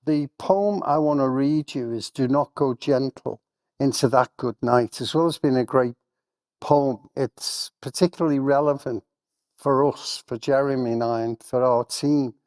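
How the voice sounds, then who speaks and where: A man's voice: a little slow, darkish tone, no room sound. An older man with a Liverpool accent, speaking with rising passion and then reading a poem aloud at a festival event. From England. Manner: impassioned, building to a rousing pitch. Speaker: guest speaker reading poetry.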